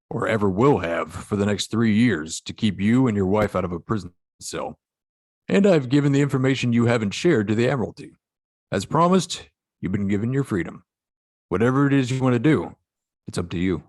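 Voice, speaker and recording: A weary starship captain, voiced by a man, talks bluntly in a lowish voice. The recording is close and completely dry. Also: lively intonation, moderate pace, no room sound. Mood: stern.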